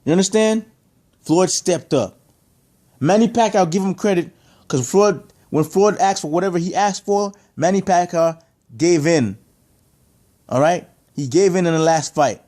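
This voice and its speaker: A man's voice: high-pitched, a little slow, mellow. A man giving an opinionated boxing rant to camera, emphatic and heated, stacking rhetorical questions and repeating his points. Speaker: boxing commentator.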